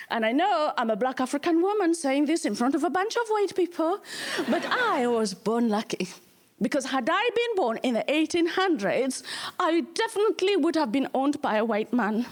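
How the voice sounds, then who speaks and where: A woman's voice: high-pitched, very animated, normal speed. A woman from Kenya with a Kenyan accent, doing live stand-up comedy in an emphatic way, repeating her lines for effect.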